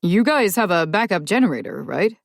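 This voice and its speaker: A woman's voice: medium pitch, lively intonation, normal speed, gravelly, no echo, studio quality, voice pushed up. A woman voicing a nervous, friendly father who talks in a mildly raised, uneasy way.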